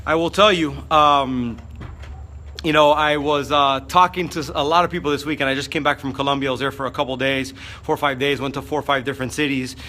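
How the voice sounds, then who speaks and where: A man giving an energetic motivational vlog talk, fired up, with frequent fillers. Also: mid-range voice, fairly quick. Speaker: motivational speaker.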